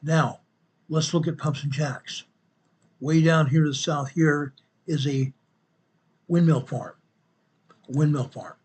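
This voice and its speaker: A man's voice: a little high, takes it slowly, long pauses, a little mellow, breathy edge. A man hosting an online show, talking viewers through a map in casual commentary, stressing his points by repeating phrases and calling the audience folks and guys. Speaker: host.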